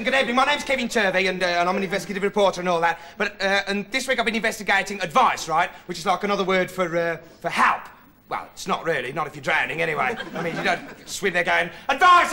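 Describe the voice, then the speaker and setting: An actor playing a rambling, excitable young male investigative reporter in a TV comedy monologue, digressing and bursting into shouts. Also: sits high. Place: TV studio with live audience. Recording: old TV broadcast, loud studio laughter and noise.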